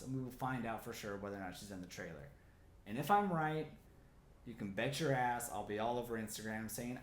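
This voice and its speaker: A man hosting a comic theory video, talking casually and excitedly with lots of "like" fillers. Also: lowish voice, normal speed, echoey room. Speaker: comic theory channel host.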